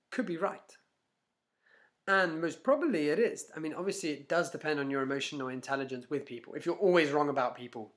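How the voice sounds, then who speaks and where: Man, self-help vlogger, mid-pitched voice, lively storytelling, stumbling restarts. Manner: animated storyteller, frequent restarts, acts out inner voices. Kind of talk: casual motivational talk to camera.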